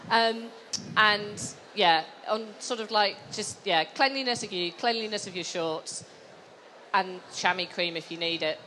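A woman on a live panel, a fitness editor, giving practical advice in a brisk way. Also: mid-range voice, noisy background. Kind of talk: casual panel chat.

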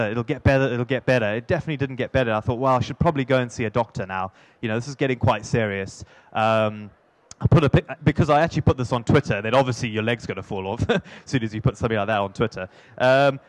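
A man telling the story of his long sea swim, lively and self-mocking, with quick asides. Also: medium pitch, dry recording. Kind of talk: storytelling talk.

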